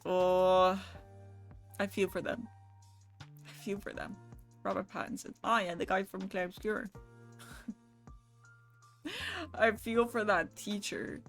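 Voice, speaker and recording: A woman's voice: mid-range voice, a bit bright. A young adult woman streaming live, chatting casually with her viewers, swearing lightly and laughing as she goes. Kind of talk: casual livestream chat with viewers.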